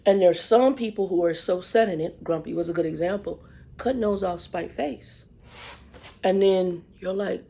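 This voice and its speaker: A woman hosting a ministry livestream, talking and preaching in a relaxed, conversational way, often acting out the voices of people she quotes. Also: fairly low pitch, normal speed, creaky. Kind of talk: casual spiritual talk. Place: in a car.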